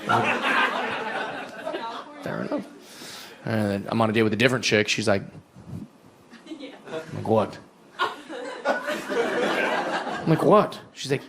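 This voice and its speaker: A man doing a stand-up comedy set on a club stage, profane and animated, acting out the voices of others. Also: fairly low pitch, slow, vocal fry, long pauses, background noise. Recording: audience laughter throughout. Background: crowd laughing.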